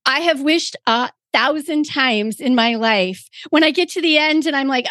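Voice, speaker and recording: A woman's voice: sits high, normal speed, hardly any pauses, a bit bright, dry recording. A woman co-hosting a podcast, chatting enthusiastically and laughing often. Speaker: podcast co-host. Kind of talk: casual chat.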